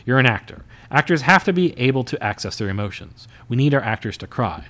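A man voicing a blunt, brash older Hollywood agent who talks fast and emphatically in a raised voice. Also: mid-range voice, lively intonation, fairly bright tone, natural voice.

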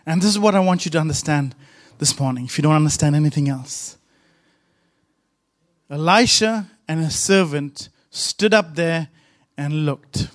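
A man's voice: on the high side, moderate pace, no echo. A man pastor preaching a sermon with emphatic, repetitive rhythmic phrasing.

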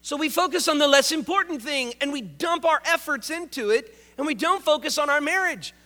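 A male pastor delivers a sermon in a notably high, bright voice. He keeps it conversational and joking, and hammers his main points by repeating them. His words ring out with a long reverb, as if he were preaching in a large sanctuary. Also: lively intonation, fairly quick.

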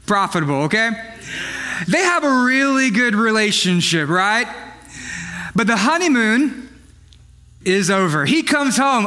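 A young male pastor delivering a comedic sermon, his voice pitched very high and bright. He jokes and teases the congregation with animated, playful asides, speaking in a church sanctuary before a live audience. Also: a little slow, long pauses.

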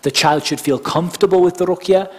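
Man teaching a workshop, mid-high voice. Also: steady tone, brisk, darkish tone, breathy edge. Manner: informal, explains step by step with frequent "you know" asides. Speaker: workshop instructor. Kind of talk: conversational teaching lecture.

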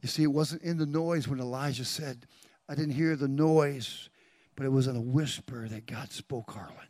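A male pastor preaching a sermon, speaking directly to the congregation and calling out names, swinging from hushed whispers to loud climaxes. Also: mid-range voice, normal speed, dry recording.

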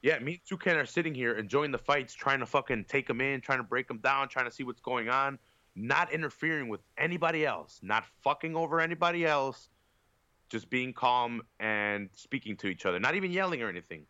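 A man's voice: mid-range voice, lively intonation, a little fast, bright, forceful tone, no room sound, highs cut off. A man on a podcast telling a long, profane, rambling story in casual chat, with lots of fillers. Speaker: podcast co-host.

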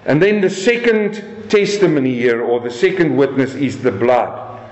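A man's voice: mid-range voice, animated, normal speed. Guy preaching a sermon, lots of questions to the crowd, roomy echo. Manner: rhetorical questions, emphatic scripture reading. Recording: echoey room, dull sound.

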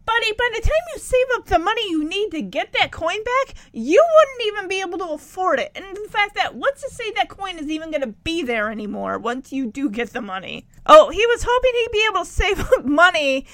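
High-voiced chatty woman recapping a show. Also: very animated, fairly quick, hardly any pauses, a bit bright, no room sound. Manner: chatty, talks back to the characters. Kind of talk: casual episode recap commentary.

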